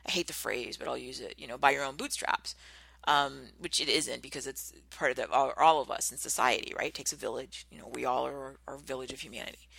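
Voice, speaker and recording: A middle-aged woman talks earnestly in a rambling podcast monologue, circling back with fillers and restarts. Her voice sits a little low but has a bright, forward edge. The sound is dry and close. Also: vocal fry, no echo. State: tearing up, emotional. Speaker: podcast host. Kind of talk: casual monologue.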